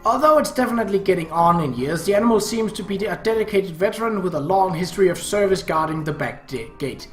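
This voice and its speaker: A man's voice: high voice, expressive, quick pace, hardly any pauses. A man reading a visual novel aloud in dry, wry first-person narration. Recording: echoey room, faint music.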